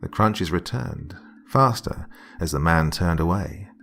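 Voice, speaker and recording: A man narrating a scripted horror story in a hushed, dramatic storytelling manner. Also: deep voice, animated, a little slow.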